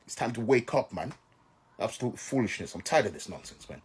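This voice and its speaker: A man's voice: fairly low pitch, expressive, fairly quick, husky. A man from Africa giving an emphatic opinion monologue, often checking in with "yeah?" and "right?". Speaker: commentator.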